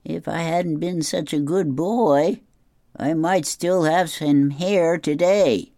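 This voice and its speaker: A gently wistful grandfather muses about his lost hair, as a reader puts him on. The delivery is slow and drawn out. The voice sounds dry and close, with no room around it. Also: mid-range voice, no echo, pitched above the performer's own voice. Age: older.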